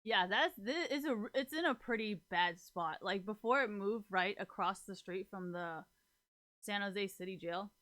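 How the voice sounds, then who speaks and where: A woman's voice: mid-range voice, unhurried, sharp tone. A young woman chatting to her viewers in a loose, rambling way, full of fillers, swearing and frequent laughter. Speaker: streamer talking to viewers. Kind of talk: casual rambling chat.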